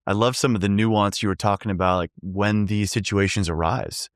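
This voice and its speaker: A man's voice: on the low side, fairly even intonation, normal speed, dry recording, studio quality. A man hosting a podcast, offering brief affirmations and reflective follow-ups to his guest. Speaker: podcast host. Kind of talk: interview hosting.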